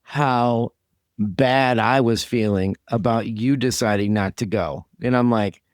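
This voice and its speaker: Man, mid-pitched voice, easygoing podcast chat, dry close sound, home room. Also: slow, no room sound. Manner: easygoing, agreeable, frequent backchannel. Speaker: podcast co-host.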